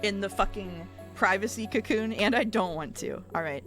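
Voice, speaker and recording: A woman casually chatting while playing a game on stream, joking and swearing freely. Her voice sits at a middle pitch, with soft music playing faintly behind. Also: normal speed. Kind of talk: casual let's-play chat.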